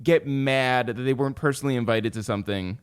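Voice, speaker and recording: A man's voice: medium pitch, quick pace, clean tone. A young man co-hosting a podcast, joking and teasing in casual chat. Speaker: podcast co-host. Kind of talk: casual banter.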